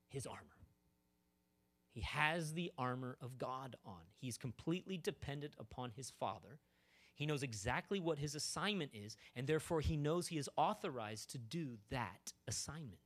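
A man's voice: mid-range voice, expressive, normal speed. A man preaching a sermon in a casual, joking way, full of asides to the congregation. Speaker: pastor.

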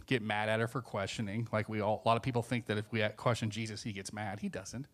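A man preaching a sermon, swinging between hushed asides and emphatic points, acting out the voices he quotes. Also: fairly low pitch, steady tone, fast talker.

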